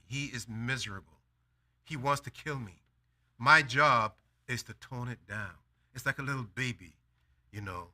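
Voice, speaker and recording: Bright-voiced male preacher telling a story. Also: medium pitch. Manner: storytelling, acts out dialogue, emphatic declarations. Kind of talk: sermon with personal anecdote.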